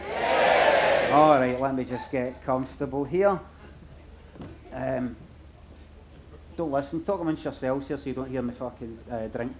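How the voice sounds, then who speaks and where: A man's voice: medium pitch, unhurried, pauses often. A man with a Glaswegian accent, a comedian bantering with a live audience in a chatty, self-mocking way before reading his stories. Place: festival stage with live audience. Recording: live stage mic, audience and room noise.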